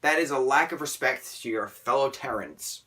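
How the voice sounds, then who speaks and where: A man in a mid-range voice, heard a little distant from the microphone. He holds forth in a casual vlog, emphatic and animated, tossing in "right?" between points. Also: mid-range voice, normal speed. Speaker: vlogger. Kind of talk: casual opinion vlog monologue. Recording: voice a bit distant from the mic.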